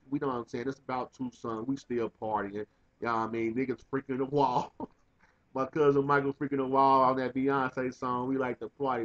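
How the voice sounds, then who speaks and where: A man's voice: medium pitch, lo-fi sound. A young man telling a rambling, profane, funny story in a casual way, laughing often. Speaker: vlogger.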